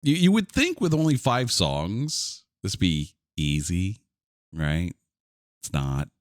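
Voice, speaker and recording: Male podcast host, low and animated, eager casual delivery, dry close sound. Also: slow, no room sound. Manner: enthusiastic, animated, casual swearing. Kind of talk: casual chat.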